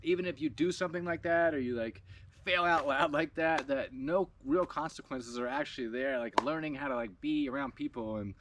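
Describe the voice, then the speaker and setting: Man, video blogger, casual storytelling, animated, laughs a lot, swears freely. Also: mid-range voice, brisk, noisy background.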